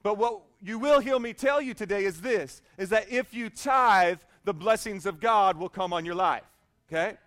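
High-voiced man preaching a sermon. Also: a bit bright. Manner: emphatic, conversational, repeats phrases. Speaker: pastor.

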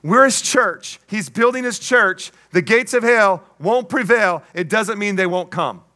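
A man's voice: high voice, a little slow, pushed and bright. A man preaching a sermon as pastor, emphatic, with call-and-response asides and playful jokes.

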